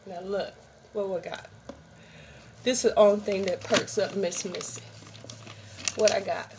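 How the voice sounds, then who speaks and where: Middle-aged woman vlogger, unhurried and rambling, direct to camera, faint noise behind. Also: medium pitch, steady tone. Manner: rambling, chatty, talks to viewers directly. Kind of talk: casual show-and-tell vlog.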